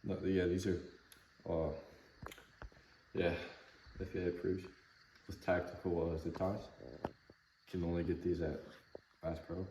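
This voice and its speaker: A man's voice: deep voice, little pitch movement, a little slow, pauses often, roomy sound, noisy background. A young man chatting casually outdoors on a lake, laid-back and joking, heard from the camera some distance away. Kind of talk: casual outdoor vlog chat.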